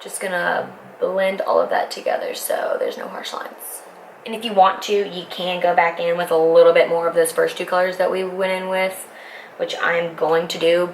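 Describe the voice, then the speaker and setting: A woman's voice: fairly low pitch, rough recording. A young woman in her twenties, a beauty vlogger chatting casually and rambling as she walks through a makeup tutorial at home. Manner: rambling, self-interrupting, talks while applying makeup. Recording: faint background noise.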